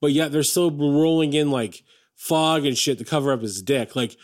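A man's voice: fairly high pitch, normal speed. Dry sarcastic dude on a movie podcast, swears a bunch, says what he thinks. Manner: blunt, sarcastic, swears casually. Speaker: podcast co-host. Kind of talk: casual movie chat.

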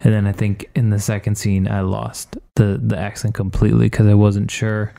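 A man with a low, gravelly voice chats about improv with his co-host. He sounds hesitant, often restarting his sentences, and is quick to agree. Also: level tone, warm tone. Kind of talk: casual chat.

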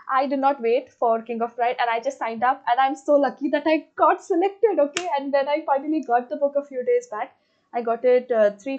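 Young female book vlogger, excitable and gushing, slightly high voice, muffled lo-fi recording. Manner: gushing, excitable, many fillers. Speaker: book reviewer. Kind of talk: casual book review vlog. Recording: slightly dull lo-fi audio.

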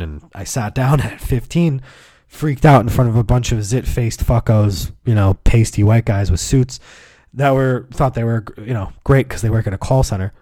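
A man's voice: mid-range voice, moderate pace, dark tone, no echo, studio quality. A man hosting his own podcast, telling rambling, profane stories in a laid-back way. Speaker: podcast host. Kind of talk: casual comedic storytelling.

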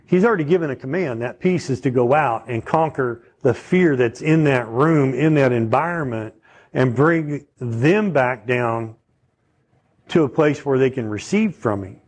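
A man's voice: mid-range voice, animated, a little slow, darkish tone, slightly rough. A man preaching a sermon in a conversational teaching manner, often checking in with his listeners. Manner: conversational teaching, asks the audience questions.

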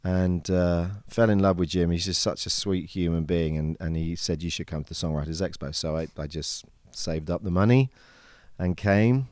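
A friendly British man with a very deep, smooth voice. He talks in an easygoing way in a casual interview, his sentences often trailing off quietly. The sound is close and dry. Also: fairly even intonation, moderate pace, no room sound. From England. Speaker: songwriter and producer guest.

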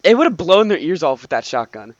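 A man co-hosting a podcast in casual chat, animated, jumping in with quoted movie lines over a video call. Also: a little high, brisk, no echo, dull audio. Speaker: podcast co-host.

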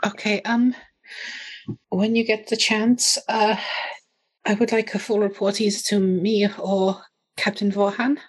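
A woman's voice: mid-range voice, little pitch movement, measured pace, long pauses, breathy edge. A woman playing in a tabletop game, speaking hesitantly and searching for her words. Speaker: player.

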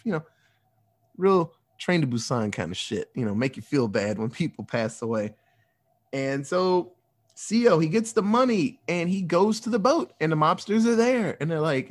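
A man casually recapping a movie plot, animated and profane, acting out the characters' lines as he goes. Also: medium pitch, normal speed.

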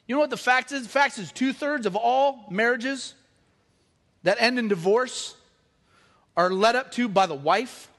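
A middle-aged man preaching a sermon, animated and joking with the congregation. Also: extremely high pitch, unhurried. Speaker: pastor.

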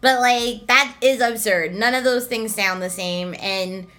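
Bright-voiced woman chatting on a podcast. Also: fairly high pitch, unhurried. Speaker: podcast co-host. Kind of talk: casual chat.

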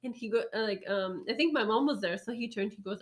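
A woman's voice: medium pitch, fast talker. A woman telling a story in casual chat, rambling with lots of fillers and laughs. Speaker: storyteller guest.

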